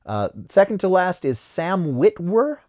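Chatty podcast host with a lively voice. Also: male voice, high-pitched, a little slow. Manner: chatty, reads names off a list and looks them up. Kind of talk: casual chat.

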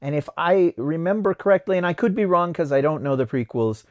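A man's voice: a little high, expressive, fairly quick, darkish tone. A man hosting a podcast, chatting casually and reading names off a list while looking them up. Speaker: podcast host. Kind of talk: casual chat.

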